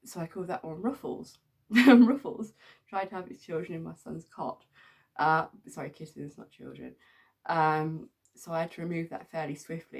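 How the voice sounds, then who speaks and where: A woman's voice: low-pitched, normal speed. A middle-aged woman from England telling rambling stories in a casual, chatty way, with many ums and frequent laughs. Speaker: vlogger. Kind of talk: casual storytelling.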